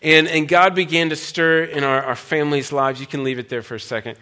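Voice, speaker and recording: Man, pastor, church testimony, bright voice, chatty storytelling with fillers. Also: fairly high pitch, flat delivery, a little fast. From United States. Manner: conversational storytelling, frequent fillers and restarts. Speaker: pastor and missionary speaker. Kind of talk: personal testimony talk to a church audience.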